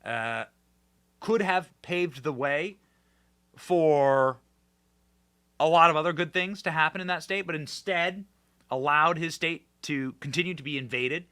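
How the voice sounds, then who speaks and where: A young man hosting political commentary in a casual, animated and sarcastic way, with many fillers and restarts. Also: fairly high pitch, a little slow, long pauses, clear, resonant tone.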